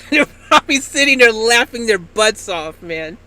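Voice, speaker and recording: Male streamer, very high voice, bright, casual live chat, chuckling. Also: lively intonation, normal speed. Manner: amused, laughing at his own prank.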